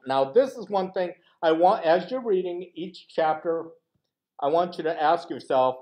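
A male teaching pastor leads a Bible class in a lively, conversational way, with his pitch swinging widely. His voice sits a bit high for a man. He keeps asking his listeners rhetorical questions and acts out little quoted exchanges as he goes. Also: measured pace. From United States.

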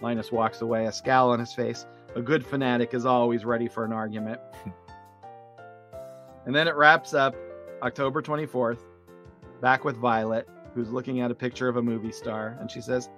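A middle-aged man hosting a podcast, narrating comic strips aloud in an animated way. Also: medium pitch, normal speed, faint music behind. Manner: animated narration, frequent laughs. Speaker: podcast host.

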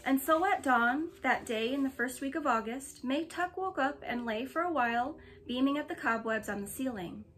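A woman reads a novel aloud in a gentle, even storytelling voice pitched a little high. Soft music plays faintly underneath. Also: moderate pace, few pauses. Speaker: storybook reader.

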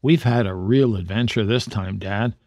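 A man's voice: on the low side, normal speed, dry recording, close to an everyday voice. Modest, level-headed teen boy, read by a man, dry sound. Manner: steady, modest. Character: sensible teenage boy, the elder brother.

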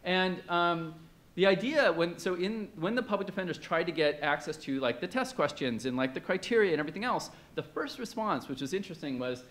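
A man's voice: high voice, animated, brisk, a bit bright. A man presenting at an academic conference in a conversational way, with many fillers and questions put to the audience.

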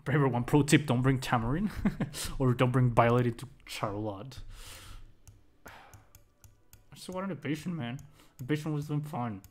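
A young man commentating his own gameplay live, joking and swearing excitably. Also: medium pitch, unhurried, long pauses. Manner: excitable, swears often, jokey. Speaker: streamer.

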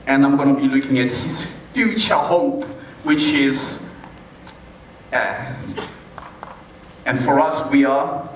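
A man preaching a sermon as pastor, deliberate and playful, chuckling as he makes his points. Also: medium pitch, a little hiss or hum. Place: large church hall. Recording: very echoey hall, mic far off.

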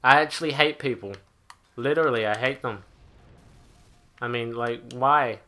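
Guy ranting and swearing over his game footage, sharp bright voice, fed up. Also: mid-range voice, a little slow. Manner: profane, exasperated ranting. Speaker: gaming channel host. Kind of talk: angry gameplay rant.

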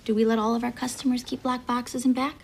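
A woman's voice: a little high, flat delivery, fast talker, vocal fry, a little hiss or hum. A tough 1950s Chicago girl. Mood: defiant. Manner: blunt, defiant. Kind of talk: film drama.

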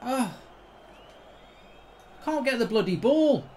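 A man's voice: very high-pitched, very animated, slow pace, warm tone. A man ranting in exasperation, swearing through gameplay commentary. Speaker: gaming channel host.

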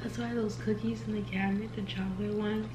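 A woman's voice: mid-range voice, flat delivery, fast talker, recorded from a distance. A young woman talks through her week in a loose, slangy way and laughs often. She is recorded in an echoey room at home. A faint hiss sits under her voice. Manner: laid-back, laughing, slangy. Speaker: vlogger. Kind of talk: casual vlog chat.

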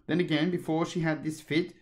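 A man's voice: fairly high pitch, flat delivery, brisk, pitched above the performer's own voice, close to an everyday voice. A man reading aloud, voicing a fretful, pompous old king who mutters and fusses. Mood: fussy. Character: fussy, flustered old king in a courtroom.

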